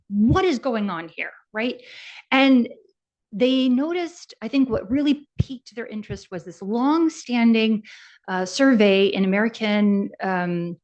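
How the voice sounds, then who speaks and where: A woman's voice: medium pitch, a little mellow. A woman in her forties giving a conference presentation as an advocate, talking conversationally and asking the audience questions. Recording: dull lo-fi sound.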